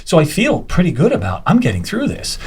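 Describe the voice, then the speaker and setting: A man telling a story with a fairly high voice that rises and falls a great deal. He acts out each person he quotes, jumping in pitch as he swaps between them. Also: wildly swooping pitch, a little fast, a little mellow, breathy edge. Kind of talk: animated storytelling.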